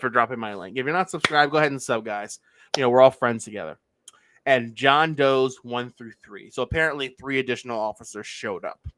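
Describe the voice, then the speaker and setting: Animated Pennsylvania-born streamer man. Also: mid-range voice, dry recording. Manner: walks through a legal filing, skips boilerplate with "blah, blah". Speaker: livestream host. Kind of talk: casual livestream commentary.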